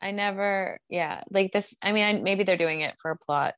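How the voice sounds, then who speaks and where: A woman co-hosts a podcast, chatting frankly and casually about reality TV and using lots of fillers. Her voice is medium in pitch and a bit bright, her speed normal, and the recording dry.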